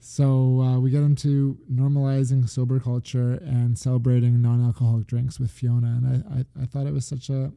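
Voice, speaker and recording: Man in his 30s, very dark warm tone, flat delivery, casual podcast chat. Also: mid-range voice, normal speed, gravelly, hardly any pauses, clear, resonant tone. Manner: laughs easily, relaxed and chatty. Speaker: podcast co-host.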